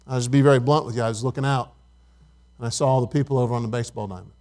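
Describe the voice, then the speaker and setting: A middle-aged pastor speaks very fast in a slightly mellow, mid-range voice with fairly even intonation. His sermon is conversational, built around questions to the congregation and storytelling.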